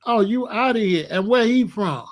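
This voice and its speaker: A man's voice: sits high, lively intonation, moderate pace. A man from Chicago hosting a blunt, profane commentary rant. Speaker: host.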